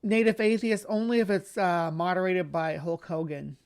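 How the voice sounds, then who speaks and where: A woman's voice: lowish voice, steady tone, moderate pace, a little mellow. A woman co-hosting a casual commentary show, making sarcastic asides about a clip. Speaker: co-host. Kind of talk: casual commentary on a played video.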